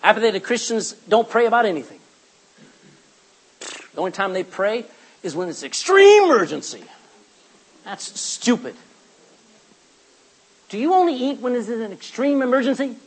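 A middle-aged male preacher giving a lively sermon, reading scripture and acting out everyday asides. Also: extremely high pitch, moderate pace, long pauses, breathy edge, rough recording.

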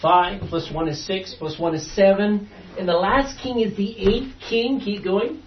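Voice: medium pitch, unhurried, slight background noise. A Bible study teacher leading a class, reading verses aloud, explaining them and quizzing the students as they go. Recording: distant, dull lo-fi room recording.

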